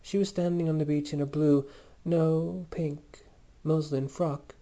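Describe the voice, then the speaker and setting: An eager admirer from a storybook, gushing with loud emphasis as they reminisce, voiced by a man reading aloud. The voice is mellow and warm underneath. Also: a little high, fairly even intonation, unhurried. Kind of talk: audiobook character voice.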